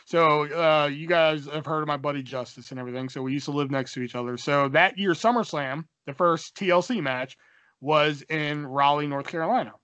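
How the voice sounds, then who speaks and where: A young man co-hosting a podcast, telling a story in a casual, animated way, swearing and acting out the dialogue. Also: a little high, a little fast, clear, resonant tone, dry recording. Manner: animated, profane, acts out dialogue. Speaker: podcast co-host.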